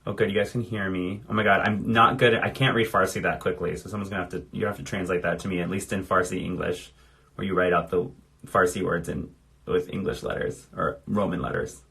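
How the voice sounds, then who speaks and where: A man's voice: sits low, level tone, fairly quick, gravelly, a bit bright. A man in his thirties chatting casually on a phone livestream, reading out viewer comments while doing his makeup. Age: 30s. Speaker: drag performer.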